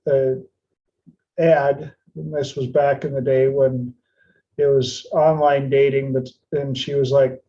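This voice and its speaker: Slow, mellow-voiced man telling a story. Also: mid-range voice, flat delivery, muffled recording. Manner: retells anecdotes, slipping into playful voices for the people in them. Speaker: podcast host. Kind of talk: casual storytelling monologue.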